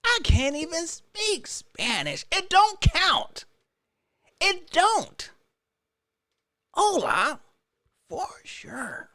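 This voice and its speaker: A man putting on the voice of a shy young male quarterback who mumbles sheepishly in a hushed, whispery way. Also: very high voice, wildly swooping pitch, very slow, long pauses, dry recording, studio quality, voice pushed up, exaggerated voice.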